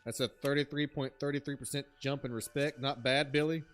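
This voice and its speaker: A man's voice: medium pitch, brisk, faint music behind. A man streaming a horror game, chatting casually and telling jokey stories, mimicking people as he goes. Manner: animated, jokey storyteller who mimics people. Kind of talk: casual gaming commentary.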